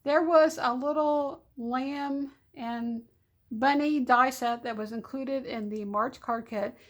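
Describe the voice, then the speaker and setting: Slow and high-voiced, the papercraft host talks through her at-home crafting vlog in a relaxed, chatty way. She giggles often and sounds bubbly and sweet-talking.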